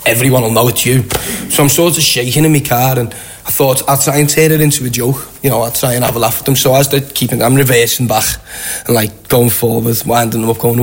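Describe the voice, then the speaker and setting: A young man with a Liverpool accent, a guest telling a long, animated anecdote with lots of quoted voices. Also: medium pitch, fast. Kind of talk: casual storytelling.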